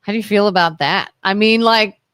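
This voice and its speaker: Animated female talk-radio co-host, dry sound. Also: mid-range voice, fairly quick, clear, resonant tone, dry recording. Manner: animated storyteller, acts out quotes, asks pointed questions. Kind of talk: live talk radio discussion.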